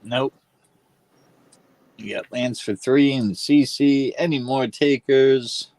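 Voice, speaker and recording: A man's voice: mid-range voice, steady tone, slow pace, darkish tone, no room sound. A man co-hosting a live stream, speaking in short, laid-back remarks. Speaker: stream co-host running spots. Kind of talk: casual stream chat.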